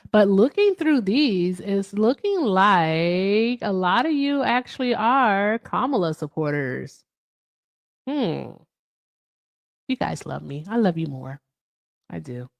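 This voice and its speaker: A woman hosts a casual livestream and talks straight to her viewers in the comments. Her pitch swings widely as she riffs, and she swears freely. Her voice sounds dry and close, with no room echo. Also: vocal fry. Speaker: livestream host.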